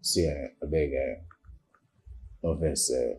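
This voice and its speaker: A man speaking Nigerian Pidgin English in a comedy skit, bantering with sudden jumps up into a high squeal. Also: fairly even intonation, takes it slowly, a little mellow, faint music behind. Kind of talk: Nollywood comedy skit acting.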